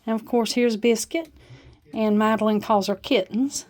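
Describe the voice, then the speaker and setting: A woman's voice: fairly high pitch, normal speed, a little mellow, dry recording. Chatty woman showing off home decor. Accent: Appalachian. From Appalachia. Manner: homey, chatty, with frequent uh fillers. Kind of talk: casual show-and-tell vlog. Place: at home, kitchen.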